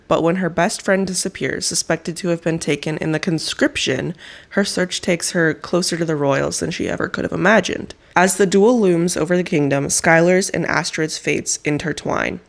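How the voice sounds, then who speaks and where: A young woman in her twenties chatting casually and enthusiastically at home in a book vlog. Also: deep voice. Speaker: book vlogger.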